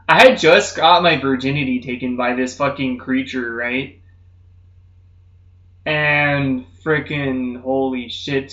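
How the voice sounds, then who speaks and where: A young man streaming, telling rambling comedic stories in casual chat, swearing constantly and saying "dude" a lot. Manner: does loud high-pitched mocking voices in stories. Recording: roomy, slightly muffled stream audio.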